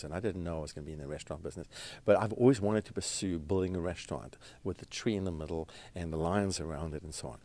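A man, a restaurant founder, telling his story in an interview in an earnest, halting way, with fillers and restarts. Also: low-pitched, warm tone. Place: red carpet event.

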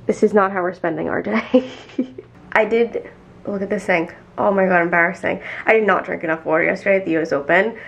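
A woman's voice: mid-range voice, vocal fry, highs cut off. A young woman vlogging casually at home and on her backyard deck, chatty and full of "like", cooing in baby talk to her cat. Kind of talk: casual vlog chat.

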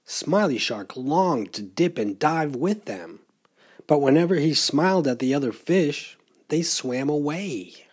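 A man reading a children's picture book aloud at a library storytime, in an expressive, playful storyteller voice. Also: on the high side, unhurried, husky.

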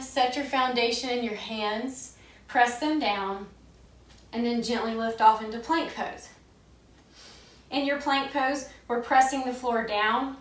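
A woman leading a gentle yoga class, giving calm, soothing cues paced with the breath. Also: a little high, distant mic. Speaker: yoga instructor. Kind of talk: gentle guided yoga instruction. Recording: echoey room, voice a bit off-mic.

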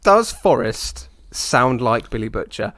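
A man's voice: mid-range voice, sing-song, takes it slowly, a bit bright, no room sound, studio quality. A young British man co-hosting a podcast, playful and self-mocking, with a wheezy laugh. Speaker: podcast co-host. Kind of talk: casual chat.

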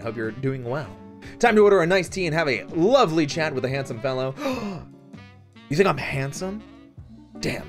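A man hosting a streamed café roleplay, playful and flirty, who often squeals high and laughs. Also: fairly bright tone. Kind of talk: casual live-stream chat and café roleplay.

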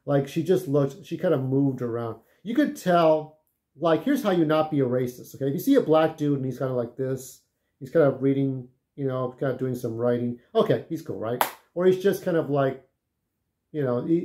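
A man's voice: mid-range voice, mellow. A man telling casual, rambling stories, full of swearing, who keeps checking in with "okay?". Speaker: vlogger. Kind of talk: casual storytelling.

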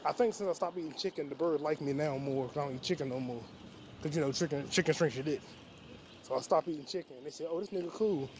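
A man's voice: a little high, fast. A man vlogging outdoors in a city, rambling casually and swearing freely as he walks and sits on a bench. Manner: loose, profane, rambling storytelling. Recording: loud outdoor street noise. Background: traffic and city ambience.

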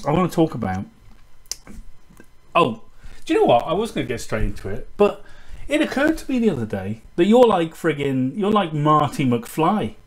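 A man's voice: on the high side, moderate pace. A man co-hosting a podcast in casual chat, bantering with a laugh and poking fun at himself. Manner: animated, laughing, self-deprecating banter. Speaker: podcast co-host.

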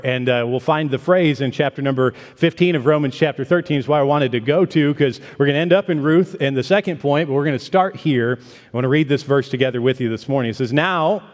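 A man from the northern United States giving a folksy sermon as guest preacher, with many fillers and restarts. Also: on the high side. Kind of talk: sermon with a joke. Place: church sanctuary. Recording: long church reverb.

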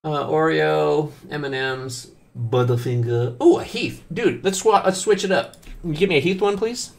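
Male game streamer, very lively pitch swings, casual and profane banter with viewers. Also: moderate pace, creaky. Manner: animated, swears often, jokes with chat. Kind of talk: casual live-stream commentary.

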